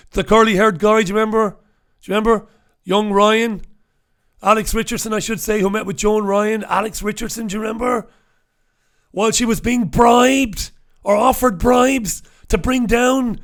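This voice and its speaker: A radio host from the north of England, ranting bluntly and swearing through a newspaper review, close to the microphone. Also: male voice, high voice, vocal fry. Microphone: talking close into two microphones.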